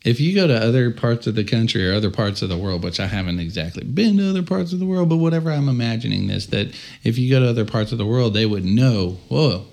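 Gravelly, low-voiced man. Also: animated, fast talker, few pauses, a little mellow. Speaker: podcast co-host. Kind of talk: casual podcast chat.

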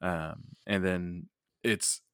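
Low-voiced man in rambling casual chat. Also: very slow, clean tone, no echo, clean studio sound. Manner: animated, rambling with many fillers. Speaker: podcast co-host. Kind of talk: casual chat reviewing a wrestling match.

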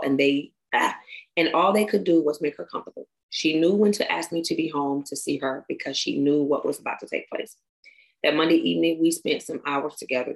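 Young woman, crying, creaky, halting emotional reading, memorial tribute. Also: low voice, low-quality recording. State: tearful, crying.

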